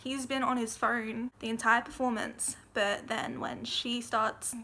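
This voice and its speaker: Chatty, bright-voiced young woman vlogger. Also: on the high side, steady tone, unhurried. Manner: chatty, frequent "like" fillers and casual swearing. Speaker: video essayist. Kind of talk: casual recap of a TV series.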